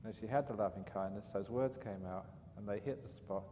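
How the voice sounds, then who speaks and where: A man, a monk, giving a dharma talk as an animated, chatty storyteller. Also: lowish voice, a little fast, muffled recording. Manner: animated, chatty storyteller with frequent "you know". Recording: reverberant hall, faint background noise.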